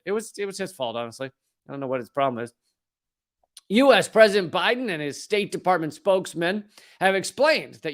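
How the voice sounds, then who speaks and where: A man hosting a live-stream commentary, reading from an article and breaking off into sarcastic, joking asides. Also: on the high side.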